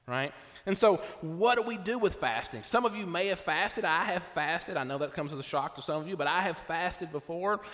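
A middle-aged male pastor preaches a sermon conversationally, often checking in with "right?" His voice is fairly high and fairly bright. The long reverb of a hall fills the recording.

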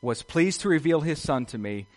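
A man delivering a sermon, his voice sitting a touch higher than most men's. He swings from loud, emphatic peaks to quiet, low endings and keeps asking his listeners questions. The talk sounds conversational but has a pulpit's push. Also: lively intonation, moderate pace. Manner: rises and drops sharply in loudness, asks the congregation questions. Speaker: pastor. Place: outdoors.

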